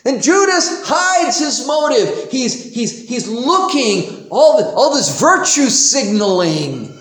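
A man preaching a sermon from the pulpit, his fairly high voice rising and falling in an animated way as he acts out the people in the story. He takes his time over each phrase. The room gives his voice a noticeable echo. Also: slow pace. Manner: animated, acts out biblical characters in quotes. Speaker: pastor.

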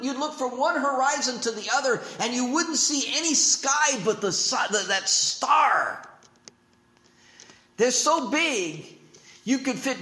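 A man preaching a sermon as pastor, swinging from emphatic declarations to hushed, slow asides. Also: very high-pitched, reverberant.

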